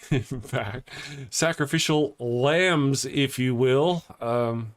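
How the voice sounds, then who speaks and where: Male live-stream host, casual and rambling, quick to laugh, mid-range voice. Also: mid-range voice. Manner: rambling, jokey, laughs often, restarts mid-sentence. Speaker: host of a live atheist morning show. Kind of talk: casual live-stream chat reading viewer comments.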